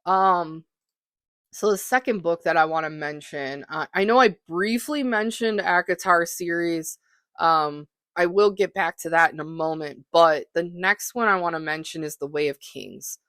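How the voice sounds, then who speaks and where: A podcast host rambling through a casual solo monologue, full of ums and likes and easy self-deprecation. The voice sits at a middling pitch. The sound is dry and close, with no room ring. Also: unhurried, fairly bright tone, dry recording.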